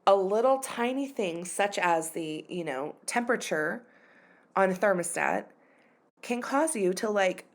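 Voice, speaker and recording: A woman's voice: mid-range voice, expressive, a little slow. A woman in her thirties hosting her own podcast, talking openly about a hard personal moment in a casual, confessional way, full of "like" and "you know", her voice sometimes close to tears. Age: 30s. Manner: candid and confessional, uses many fillers like "like" and "you know". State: emotional, voice near tears at times. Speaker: podcast host.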